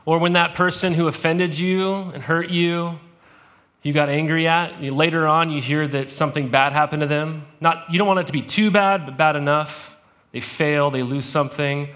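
A man's voice: on the high side, fairly even intonation, normal speed, a bit bright. A man preaching a sermon as pastor, talking in a conversational way and putting questions to the congregation.

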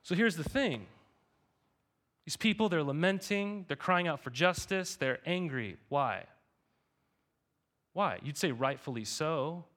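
A man's voice: a little high, animated, unhurried, pauses often, a bit bright. A man in his thirties preaching a sermon as pastor, talking in a conversational way and often checking in with the congregation. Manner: conversational, repeats "right?" to the congregation.

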